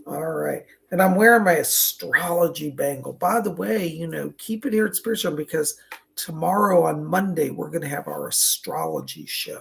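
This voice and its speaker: A man hosting a psychic livestream, chatty and effusive, his voice raspy and strained from a cold. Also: on the high side, animated, normal speed. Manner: chatty, effusive, greets viewers by name. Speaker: psychic medium livestream host. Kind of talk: casual livestream chat. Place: indoors at a table.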